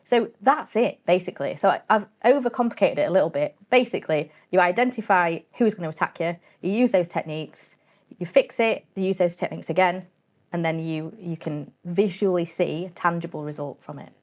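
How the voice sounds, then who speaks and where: A fairly low-pitched woman speaking as a guest in an interview. She talks casually and directly and acts out snippets of dialogue. Her manner stays chatty and straight-talking throughout. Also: a little fast, darkish tone. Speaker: guest, cybersecurity company CEO.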